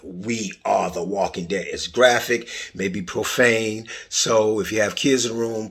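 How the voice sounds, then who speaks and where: A middle-aged man with a low, husky voice hosts his podcast in a loose, chatty way. He jokes around and keeps the energy animated, with quick asides to his listeners. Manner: playful, animated, jokey asides. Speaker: podcast host. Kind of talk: casual podcast intro monologue.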